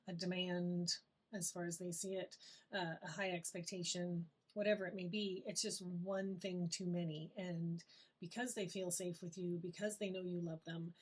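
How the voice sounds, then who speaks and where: A woman parenting coach giving calm, reassuring advice and acting out short parent and child quotes. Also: fairly low pitch, breathy edge. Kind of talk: advice talk to camera.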